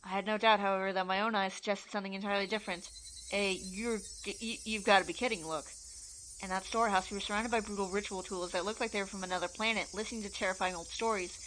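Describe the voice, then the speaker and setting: A woman narrating a horror visual novel aloud in an expressive, steady reading style. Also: medium pitch, racing, hardly any pauses, a little hiss or hum, low-quality recording.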